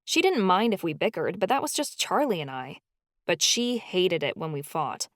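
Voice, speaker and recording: Expressive woman audiobook narrator. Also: on the low side, normal speed, dry recording, clean studio sound. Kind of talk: first-person scripted narration.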